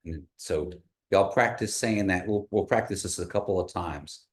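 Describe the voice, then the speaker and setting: A man leads a language class in a fairly low voice. He is patient and encouraging, slowing right down to model each word and its rising and falling tones. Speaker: language teacher.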